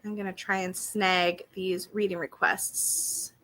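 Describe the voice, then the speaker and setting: A woman's voice: mid-range voice, level tone, slow, a bit bright. A woman hosting a live stream in a bubbly, chatty way, greeting viewers by name and reading their comments aloud. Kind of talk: casual live-stream chat.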